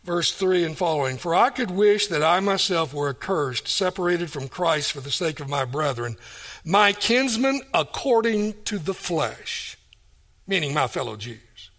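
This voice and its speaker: A man's voice: a little high, animated, measured pace, a bit bright. A man preaching a sermon, reading scripture aloud and explaining it verse by verse, repeating key phrases for stress.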